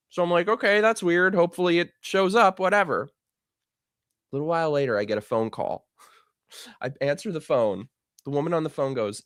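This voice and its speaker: Giggly man with a lively voice. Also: mid-range voice, no room sound, studio quality. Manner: storytelling, breaking into giggly laughter. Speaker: show host. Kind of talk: casual livestream chat.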